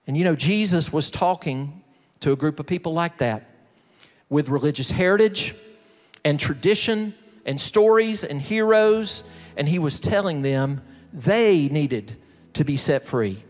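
Slow-preaching man in a reverberant hall. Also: fairly high pitch, animated. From American South. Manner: slow, emphatic preaching with rising, swelling repeated phrases. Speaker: pastor. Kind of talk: sermon. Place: large church sanctuary. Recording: reverberant hall with soft music behind.

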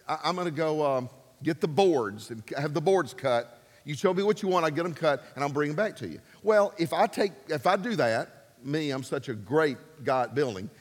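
A man preaching a sermon, emphatic and animated, swinging between loud and soft. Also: on the high side, big-room sound. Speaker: pastor.

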